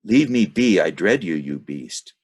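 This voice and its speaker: A man's voice: low-pitched, expressive, measured pace, a little mellow, husky, heavily acted. A man reading as a blind pleading temptress.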